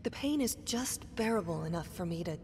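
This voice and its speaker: A woman's voice: on the low side, animated, a little fast, darkish tone, in a large hall, slight background noise. An actress voicing a weary woman in a horror game who speaks in a dry, reflective, self-mocking way. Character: wry injured woman recovering, weary. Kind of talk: game dialogue.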